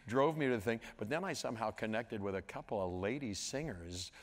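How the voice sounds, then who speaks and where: A man in his sixties from Pittsburgh telling stories at a live onstage conversation, meandering and halting, now and then scatting a tune. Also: lowish voice. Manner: meandering, halting, with sung scat sounds. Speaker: interview guest. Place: large auditorium. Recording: long hall reverb with audience. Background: audience.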